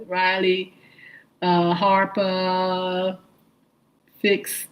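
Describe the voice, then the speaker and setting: Slow-talking woman hosting a live stream. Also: fairly low pitch, flat delivery, low-quality recording. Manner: slow, warm greetings, spelling out viewer names. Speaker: morning show host. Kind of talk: live stream shout-outs to viewers.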